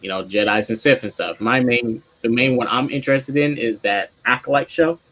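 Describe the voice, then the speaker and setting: Guy on a live panel, mid pitched, earnest, says things twice to keep talking. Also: normal speed, a bit bright, poor audio. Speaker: panel guest. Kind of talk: casual live panel chat.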